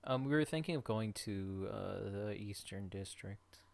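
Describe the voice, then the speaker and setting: A woman's voice: very deep voice, lively intonation, unhurried, creaky, a little mellow. A woman playing a tabletop game, speaking hesitantly and repeating words. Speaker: player. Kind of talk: casual tabletop role-play.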